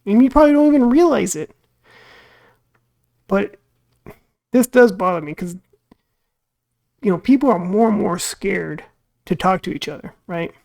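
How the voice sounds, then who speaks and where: Creaky-voiced man musing casually. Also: sits high, expressive, normal speed, long pauses, a little mellow. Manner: rambling and musing, with many fillers and acted-out quotes. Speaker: reaction video host. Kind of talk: casual reaction commentary.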